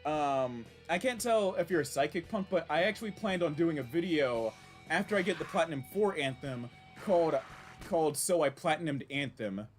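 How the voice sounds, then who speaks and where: Male game streamer, lively swooping pitch, rambling chatter, faint game music behind. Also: moderate pace. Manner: rambling, animated, with frequent restarts and reactions. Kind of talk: casual live-stream commentary.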